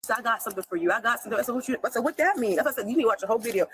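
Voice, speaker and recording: Agitated woman, high voice, talks fast, keeps quoting "I said" as she recounts a fight at home. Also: expressive, a bit bright, slight background noise, low-quality recording. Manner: rapid, agitated, constantly quoting others with "I said". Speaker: person telling an officer about a family fight. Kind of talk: heated retelling.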